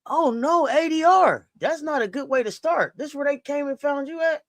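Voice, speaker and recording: A woman hosting a live basketball watch-along, reacting out loud and talking straight to the players. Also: high voice, moderate pace, no room sound. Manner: exclamatory, talks straight to the players. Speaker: sports watch-along host. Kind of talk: live game reaction commentary.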